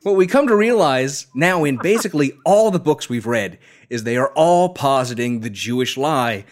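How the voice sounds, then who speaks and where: A podcast co-host with a lively, swinging pitch that rises and falls as he talks. He speaks in a sarcastic, joking tone, in a relaxed conversational chat. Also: normal speed.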